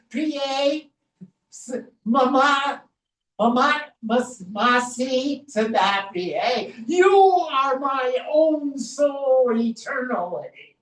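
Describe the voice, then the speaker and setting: Woman, high voice, slow emphatic scripture lecture, echoey temple hall, mic at a distance. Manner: emphatic, slow, explains Sanskrit verses phrase by phrase. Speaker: spiritual teacher. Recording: echoey room, voice from far off.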